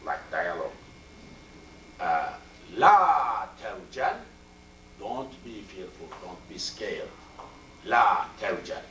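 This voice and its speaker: An older man teaching a Quran and Arabic class, speaking slowly and repeating Arabic word forms as he explains them. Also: fairly low pitch, sharp tone, slight background noise. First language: Turkish. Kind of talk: classroom tafsir lecture. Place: mosque classroom. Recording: roomy, distant amateur video recording.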